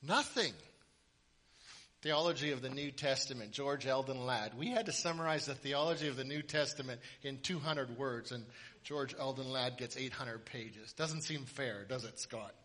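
A man's voice: medium pitch, normal speed, sharp tone. A man preaching a sermon with humorous storytelling in a large hall. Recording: reverberant hall.

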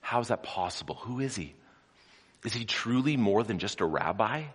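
Low-voiced preacher in a reverberant hall. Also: male voice, animated, moderate pace, husky. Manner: dramatic storytelling, swings from loud to hushed; asks the congregation questions. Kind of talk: sermon.

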